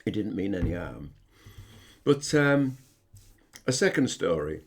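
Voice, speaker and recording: Older male podcast host, deep and gravelly, earnest and halting reflective monologue. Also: very animated.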